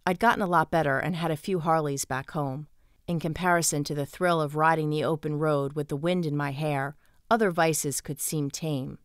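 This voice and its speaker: A woman narrating a romance audiobook in the first person with an even, storytelling delivery. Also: deep voice, normal speed, clear, resonant tone, no room sound, clean studio sound.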